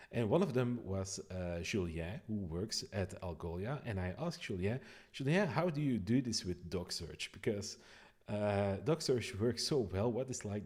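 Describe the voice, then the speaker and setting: A man explaining his code on a live stream, thinking aloud with frequent pauses and restarts. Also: lowish voice, a little mellow. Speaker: developer streaming a code walkthrough.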